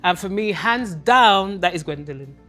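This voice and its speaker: Woman actor, round-table guest, bright, emphatic, expansive. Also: mid-range voice, animated, moderate pace, soft background music. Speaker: lead stage actor. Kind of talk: round-table cast chat.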